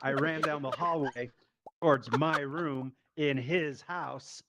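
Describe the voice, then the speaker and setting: A man's voice: on the high side, slow, very noisy. Profane man telling a stand-up story. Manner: profane, animated storytelling with acted quotes. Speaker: stand-up comedian. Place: live comedy show.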